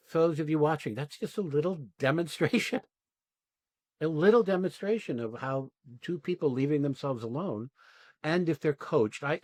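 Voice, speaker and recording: A man in mid-range pitch gives frank feedback as an acting coach, jumping into lively quoted lines before falling back to plain explanation. His talk is loose and casual, with tag questions and the odd curse. The sound is close and dry, with no room around it. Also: no echo. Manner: animated, acts out quoted lines in lively bursts. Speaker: acting coach and podcast host. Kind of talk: coaching feedback after an exercise.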